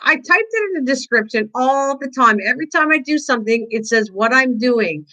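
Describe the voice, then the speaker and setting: A woman's voice: sits high, expressive, normal speed, pushed and bright, poor audio. An older woman hosting a casual live-stream craft tutorial, chatting with viewers, teasing them and laughing often.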